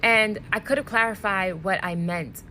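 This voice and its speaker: A woman speaking earnestly and deliberately to camera, emotionally worn out. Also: mid-range voice, bright, forceful tone, a little hiss or hum, low-quality recording. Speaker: social media creator. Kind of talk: direct-to-camera commentary video.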